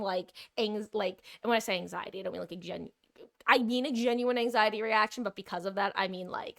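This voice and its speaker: Chatty streamer woman with gravelly voice. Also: medium pitch, fairly bright tone. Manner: rambling, self-deprecating, chatty with frequent fillers. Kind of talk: casual live-stream chat. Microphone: desk mic, monitoring own audio.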